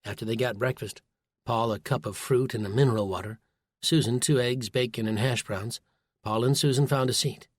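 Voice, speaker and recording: A man narrating an audiobook in a steady, even storytelling manner, recorded dry and close. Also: medium pitch, moderate pace, breathy edge, no echo. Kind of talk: scripted narration.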